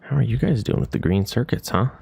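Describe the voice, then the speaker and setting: A man's voice: medium pitch, animated, quick pace, creaky, warm tone, slightly rough. A man casually talking to himself while streaming a building game, muttering over his plans and grumbling about things going wrong. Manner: muttering to himself while planning, annoyed at bugs. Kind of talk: casual gameplay commentary.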